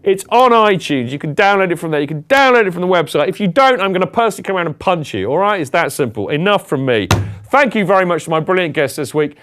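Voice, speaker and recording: A man's voice: high voice, lively intonation, fast, noisy background. A man hosting a fan podcast in casual, jokey, rambling chat. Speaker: podcast host.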